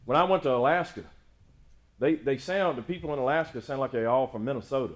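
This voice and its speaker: A male pastor preaching a sermon, building to loud emphatic praise and slipping into folksy, joking stories. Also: on the high side, fairly quick.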